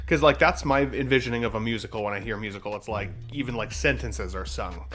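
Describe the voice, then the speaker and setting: A man's voice: mid-range voice, fast, few pauses, sharp tone, a little hiss or hum. A man hosting a casual movie-news live stream, upbeat and talking to his viewers. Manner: upbeat, addresses the chat audience. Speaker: host.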